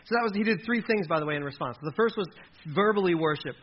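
Man, pastor, lively sermon, fairly high voice, soft faint hiss. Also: quick pace, highs cut off. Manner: animated preaching, drops low and quiet when quoting God.

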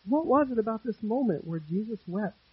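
A man preaching a sermon as pastor, earnest, repeating phrases for emphasis and swinging between loud and hushed delivery. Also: sits high, expressive, brisk, husky, highs cut off.

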